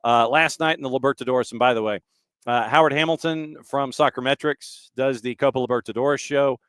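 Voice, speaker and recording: Smooth-voiced male podcast host. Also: mid-range voice, fairly quick, no echo. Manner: relaxed, runs through betting odds in a list. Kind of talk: casual chat.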